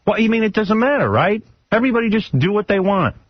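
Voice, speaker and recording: Male talk host, blunt and mocking, very lively pitch, dull lo-fi radio sound. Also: fast talker, no echo. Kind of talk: radio talk show banter. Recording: dull lo-fi radio broadcast with faint music.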